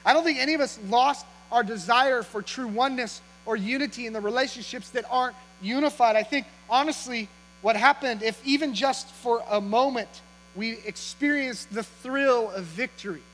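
High-voiced pastor preaching in a hall. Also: male voice, moderate pace, fairly bright tone. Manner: conversational and humorous, teasing the congregation with questions. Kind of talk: sermon. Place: church auditorium. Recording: long hall reverb with faint mains hum.

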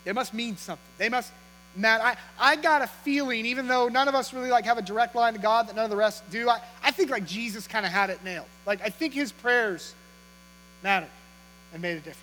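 A man's voice: very high-pitched, fast talker, sharp tone. A man preaching to his congregation, talking in a conversational, humorous way and teasing them with questions. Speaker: pastor. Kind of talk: sermon. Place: church auditorium. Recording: long hall reverb with faint mains hum.

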